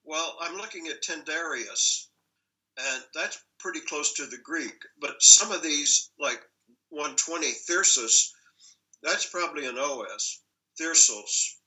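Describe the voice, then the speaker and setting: A man reading through a list of names and talking through how each should sound, deliberate and musing, correcting himself as he goes. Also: a little high, sharp tone, rough recording. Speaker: teacher reading a pronunciation list. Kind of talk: slow pronunciation walkthrough.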